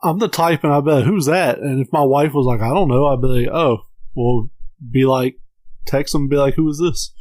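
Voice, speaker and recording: A man's voice: mid-range voice, a little fast, a little mellow, no room sound. A man co-hosting a podcast in casual chat, giving short replies and joking asides. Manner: brief agreeing, joking asides. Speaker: podcast co-host.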